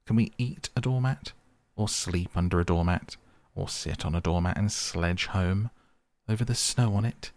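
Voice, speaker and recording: A man's voice: sits low, moderate pace, a little mellow. A man voicing a small, stubborn male mole who complains pettishly, in a storybook reading.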